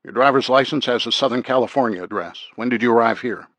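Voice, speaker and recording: A man's voice: mid-range voice, fast talker, fairly bright tone, no echo. A man voicing a firm, controlled male army major in an audiobook.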